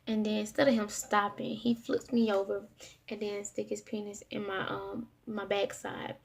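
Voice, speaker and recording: Woman with a gravelly, fairly high voice. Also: little pitch movement, a little mellow. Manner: halting, with frequent fillers and restarts. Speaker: vlogger. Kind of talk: personal storytelling to camera.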